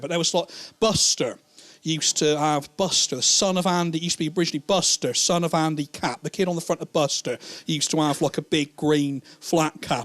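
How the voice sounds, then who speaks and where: Stand-up comic, man, slightly high voice, rambling profane delivery, quick character voices, live mic. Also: fairly bright tone. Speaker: stand-up comedian. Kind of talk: stand-up comedy routine.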